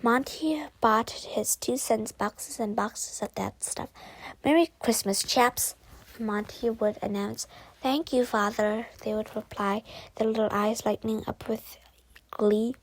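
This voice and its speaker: A woman reading a children's book aloud slowly and carefully, with the odd small stumble. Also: fairly high pitch, fairly even intonation, dry recording, low-quality recording. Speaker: storybook reader.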